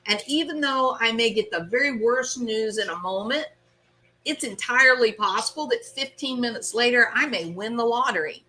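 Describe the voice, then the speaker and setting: A woman hosting a casual live stream, chatting with her viewers by name in an animated way and often laughing. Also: a little high, moderate pace. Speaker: host.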